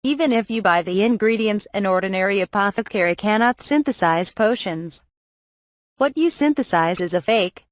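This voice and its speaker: A calm, stern twelve-year-old boy apothecary speaks from the pages of a storybook, as a woman reads him. The voice sits in a middle pitch and stays even. The sound is close and dry. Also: moderate pace, no room sound, natural voice. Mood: calm, firm.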